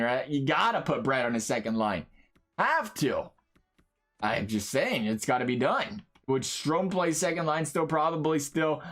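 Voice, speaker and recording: A man giving casual gameplay commentary, chatty and often asking his viewers questions directly. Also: medium pitch. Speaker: video game commentator.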